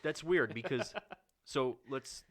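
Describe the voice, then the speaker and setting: Speaking slowly with a fairly bright tone on a dry recording, a man co-hosts a podcast. He reads out news stories in relaxed banter, laughing often, swearing freely and trying on squeaky fake voices.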